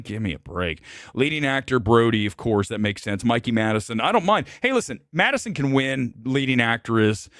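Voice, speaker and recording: This is a blunt, opinionated man hosting a film talk show, doing a live movie review chat. He swings between loud outbursts and low mutters. The sound is studio quality with no room noise.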